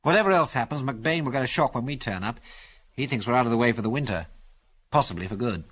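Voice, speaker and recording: A man's voice: mid-range voice, expressive, quick pace, a bit bright. A man reading aloud and voicing a decisive male pilot leader in a clipped, commanding manner. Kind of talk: audiobook character voice.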